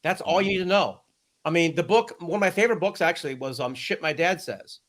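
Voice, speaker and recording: An American man chatting as a guest, his voice sitting a bit high for a man. He is animated and joking, laughing easily between points. It is loose, casual talk. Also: brisk. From United States. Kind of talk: casual chat.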